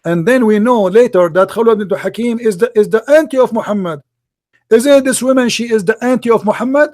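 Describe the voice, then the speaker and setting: A high-pitched man presses his point in a heated debate, repeating questions and mocking. His voice is close and dry with no room sound. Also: fairly quick, darkish tone, dry recording.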